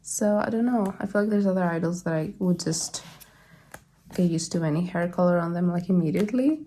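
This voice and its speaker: A woman's voice: fairly low pitch, fairly quick, warm tone, a little hiss or hum. A woman chatting casually as she unboxes and shows off her album collection, gushing and rambling with little laughs. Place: at home, living in London.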